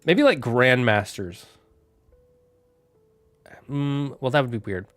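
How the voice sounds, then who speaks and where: A man streaming live, thinking out loud and answering chat in a casual, rambling way. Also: mid-range voice, lively intonation, no echo, soft background music. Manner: musing aloud, thinks out loud with quick asides. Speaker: streamer running a worldbuilding chat.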